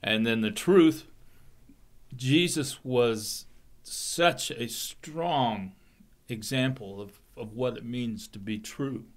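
A man explains Bible passages to a class, mixing read-aloud verses with his own commentary. His delivery is halting, with frequent repeated words as he gathers his thoughts. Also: mid-range voice. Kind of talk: Bible study explanation with scripture reading.

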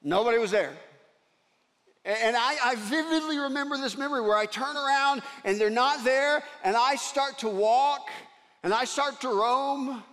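A man preaching a sermon, telling a personal story in an earnest way that swings from loud to hushed. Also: very high-pitched, normal speed. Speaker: pastor. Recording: long reverb of a large hall.

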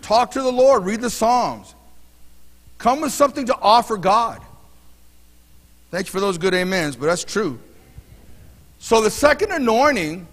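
A man's voice: sits high, a bit bright. A man preaching a sermon as pastor, talking in a loose, conversational way with personal stories and frequent restarts. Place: church sanctuary. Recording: long hall reverb.

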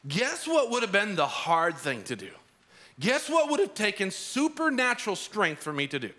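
A man's voice: high-pitched, wildly swooping pitch, normal speed, bright, forceful tone. A man preaching a sermon as pastor, telling a personal story with acted-out quotes. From Arizona.

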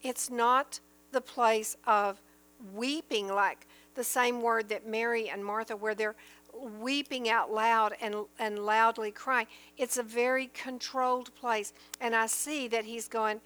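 Earnest high-voiced woman teaching scripture. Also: fairly even intonation, measured pace, a bit bright. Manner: earnest and emphatic, reads scripture aloud then explains it. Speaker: Bible teacher. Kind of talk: sermon-style Bible teaching.

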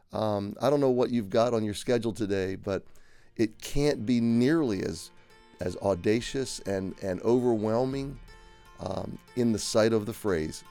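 A man's voice: medium pitch, darkish tone. A male pastor giving a daily devotional Bible teaching, earnest and repeating phrases for emphasis.

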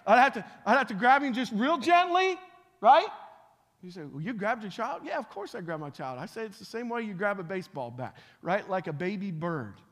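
A middle-aged man preaching a revival sermon to a church crowd, swinging between loud, emphatic calls and hushed, personal talk, often repeating words as he restarts phrases. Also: high voice, very animated, fairly quick. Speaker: pastor. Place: large church sanctuary with live audience. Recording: long hall reverb.

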